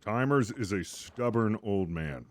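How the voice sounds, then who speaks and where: A man's voice: lowish voice, lively intonation, measured pace, no echo. A man from Wisconsin, a streamer chatting casually with viewers, laid-back and wry.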